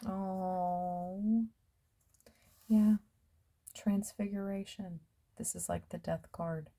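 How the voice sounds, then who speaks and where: A woman's voice: medium pitch, steady tone, drawn-out words, dark tone. A woman giving a casual tarot reading, musing aloud and trailing off with fillers as she turns over cards. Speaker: tarot reader.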